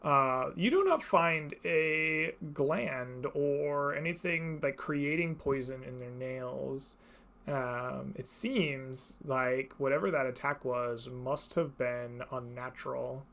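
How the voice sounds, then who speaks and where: A man narrating a tabletop game as game master, casual and lively, with plenty of "uh" and easy laughter. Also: medium pitch, slow pace, gravelly.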